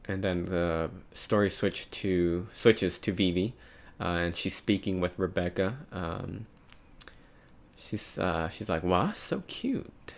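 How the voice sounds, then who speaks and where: A man's voice: low-pitched, steady tone, a little slow. A man casually reading a comic aloud and musing over it, with light voices for the quotes. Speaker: manga reader and commentator. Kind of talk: casual read-along commentary.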